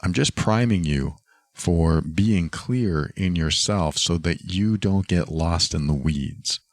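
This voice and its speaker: A man hosting a podcast, giving calm, thoughtful relationship advice and acting out short example phrases. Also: deep voice, slow pace, dry recording. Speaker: podcast host. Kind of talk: reflective advice talk.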